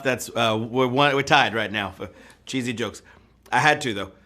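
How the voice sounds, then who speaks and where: A man's voice: fairly high pitch, pushed and bright. A man hosting a live trivia game show, joking playfully and breaking into whoops and sung bits.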